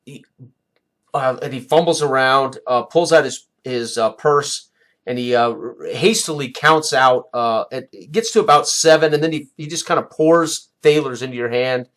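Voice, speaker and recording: A man narrating a tabletop game as game master, halting, with many fillers and restarts. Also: medium pitch, fairly bright tone.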